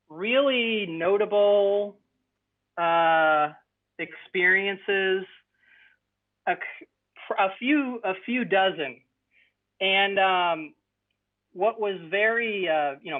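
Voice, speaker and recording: Young man on a tinny call line. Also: high voice. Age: young adult. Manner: earnest, enthusiastic, halting. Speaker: guest presenter. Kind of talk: casual interview storytelling. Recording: tinny phone-like call audio.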